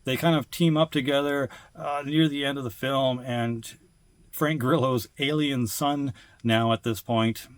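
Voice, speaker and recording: A man's voice: medium pitch, fairly even intonation, unhurried, dry recording. A man talking casually about his film collection, rambling with frequent restarts and filler words. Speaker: film collector reviewing movies. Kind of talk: casual vlog review.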